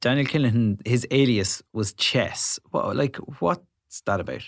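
Podcast host, probing questions. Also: male voice, mid-range voice, animated, measured pace, gravelly, no room sound, clean studio sound. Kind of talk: podcast interview.

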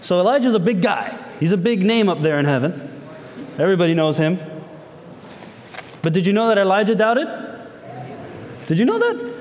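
A man's voice: high voice, very animated, moderate pace, pauses often, a little mellow, in a large hall, slight background noise. A male pastor giving a sermon, talking conversationally and asking the listeners lots of rhetorical questions.

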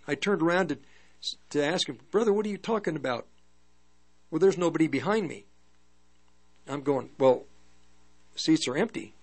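An older man preaches with a slightly high voice, stopping and restarting as he tells a story from his past. A low mains hum sits under the recording. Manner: halting, storytelling, frequent restarts. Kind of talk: testimony sermon.

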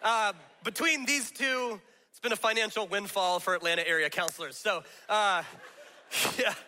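A man's voice: high-pitched, normal speed, pushed and bright. A middle-aged man preaching a sermon in a casual, joking way, acting out the voices he quotes. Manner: conversational and self-deprecating, acts out quoted voices. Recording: long reverb of a large hall.

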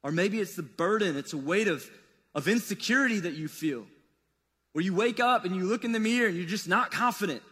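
A man preaching a sermon in a loose, conversational way, swinging between loud and soft. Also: expressive, fairly quick, slightly rough. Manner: casual, conversational preaching with wide swings in pitch and loudness. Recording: long reverb of a large hall.

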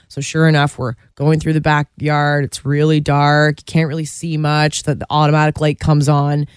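A woman's voice: low voice, little pitch movement, normal speed, clean tone, no room sound, clean studio sound. A woman co-hosting a radio show, chatting casually and giggling as she tells stories and reads entertainment news.

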